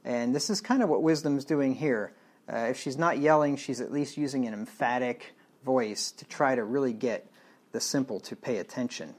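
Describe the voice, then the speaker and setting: Speaking at a moderate pace with a medium-pitched voice, a man delivers a verse-by-verse sermon. He reads the old wording of a Bible book and explains each verse in ordinary talk, bluntly and plainly.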